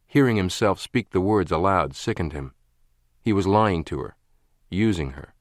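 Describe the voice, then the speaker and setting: A man narrating a spy thriller audiobook in measured, expressive scripted narration. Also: low voice, dry recording, studio quality.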